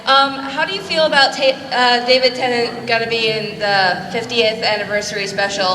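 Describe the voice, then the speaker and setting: A woman's voice: fairly high pitch, fairly even intonation, moderate pace, pushed and bright. A woman fan asking a question at a convention panel, a little hesitant. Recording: echoey hall with faint noise.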